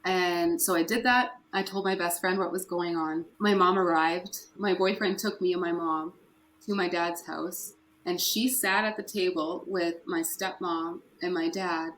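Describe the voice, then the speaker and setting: A woman's voice: on the low side, fairly even intonation, measured pace, fairly bright tone, slight background noise, low-quality recording. A woman from Canada, a podcast guest, candidly retelling hard personal memories in an earnest, conversational way. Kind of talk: personal storytelling interview.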